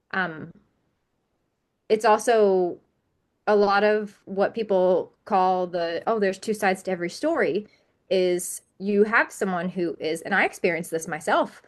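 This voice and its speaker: Earnest woman speaking emphatically as a guest. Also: mid-range voice. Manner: earnest and emphatic, piling up repetitions. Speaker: podcast guest. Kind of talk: candid interview conversation.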